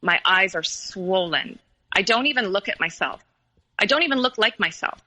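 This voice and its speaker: A woman tells her own painful story to an interviewer, pausing often on fillers and restarting her sentences. Her voice is very bright and sits at a middle pitch. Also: animated, rough recording. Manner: hesitant, many fillers and restarts. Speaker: guest telling her story.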